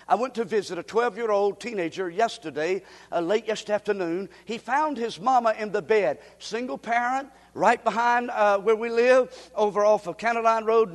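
A male pastor preaching a sermon in a church, with emphatic delivery that surges into shouts. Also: high-pitched, in a large hall. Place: church sanctuary.

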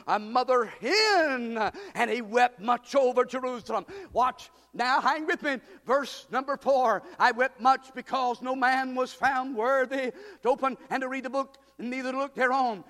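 A fervent preacher with a very high voice, his words ringing through a church with a long hall reverb. He drives the sermon hard and swells into shouts. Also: normal speed. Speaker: pastor. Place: church sanctuary. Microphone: church PA microphone.

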